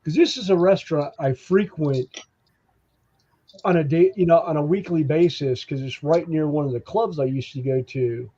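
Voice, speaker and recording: A man telling stories in a casual podcast chat, animated and acting out the voices of the people in his stories. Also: on the high side, normal speed, dull audio. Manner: animated storyteller who acts out quoted voices. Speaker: podcast co-host.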